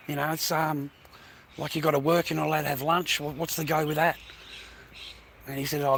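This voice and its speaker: A man's voice: on the high side, creaky, a bit bright, slight background noise. An Australian man rambling through a live-stream monologue, swearing constantly and sounding aggrieved, outdoors in an industrial area. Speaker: livestreamer.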